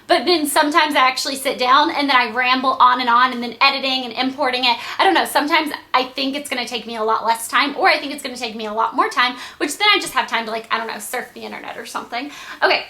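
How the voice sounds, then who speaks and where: A young woman from Georgia chats through viewer questions for her beauty vlog, rambling and filling gaps with "like" and "um." Her voice sits high and sounds bright and sparkly. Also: fast. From Georgia, USA. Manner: chatty and rambling, full of "like" and "um". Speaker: beauty YouTuber. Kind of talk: casual Q&A vlog.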